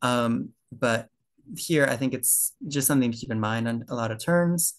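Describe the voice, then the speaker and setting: A man's voice: mid-range voice, normal speed. A young man giving a casual slide presentation to a birding club, talking loosely with fillers and self-corrections.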